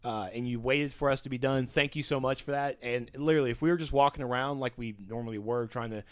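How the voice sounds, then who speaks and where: A man co-hosting a casual podcast, chatting enthusiastically and giving shout-outs to fans. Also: mid-range voice, fairly even intonation, quick pace, dry recording. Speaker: podcast co-host. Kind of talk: casual chat.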